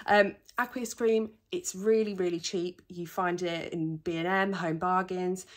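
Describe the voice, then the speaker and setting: A woman's voice: lowish voice, steady tone. A young British woman sharing competition tanning tips in a chatty, self-mocking talk to camera, a little out of breath. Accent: British English. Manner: chatty, self-mocking asides, quick laughs. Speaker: bodybuilding competitor and vlogger.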